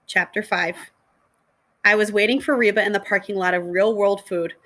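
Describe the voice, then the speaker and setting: A woman, a middle school teacher, reading a children's novel aloud to her students in a steady, clear storytelling voice. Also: mid-range voice, moderate pace.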